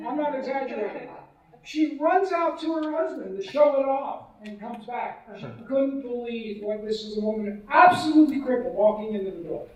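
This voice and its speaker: High-voiced man telling an animated story. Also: moderate pace, big-room sound. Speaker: doctor giving a talk. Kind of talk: live talk to an audience.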